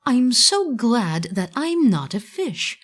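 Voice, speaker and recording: A woman voicing a frightened little boy puppet in a high, pleading voice for a storybook reading. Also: big pitch swings, takes it slowly, exaggerated voice. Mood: relieved.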